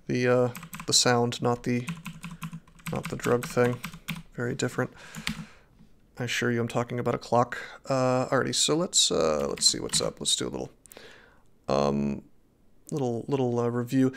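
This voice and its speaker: A man's voice: mid-range voice, creaky, a bit bright. A man streaming a game live, chatting casually in a ranting, profane style with many restarts. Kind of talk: casual live-stream chat over gameplay. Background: faint keyboard clicks.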